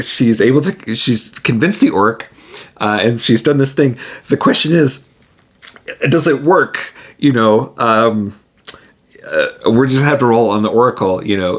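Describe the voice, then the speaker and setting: A man's voice: lowish voice, gravelly, fairly bright tone, slightly rough. A man narrating and playing a solo tabletop game in a rambling, easygoing way. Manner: rambling, laughing often.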